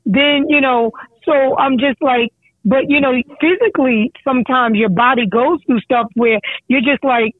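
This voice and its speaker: A middle-aged mother on a phone call, talking in a rambling, halting way with many restarts. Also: sits high, steady tone, no echo. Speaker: caller, mother of a guest. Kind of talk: emotional phone chat. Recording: tinny phone line, dry.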